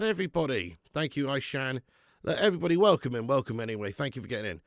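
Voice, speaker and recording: A man's voice: mid-range voice, expressive, fast, a bit bright, no echo, clean studio sound. A man hosting a live football watch-along, sick with flu, talking bluntly and swearing as he banters with viewers. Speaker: football fan channel host.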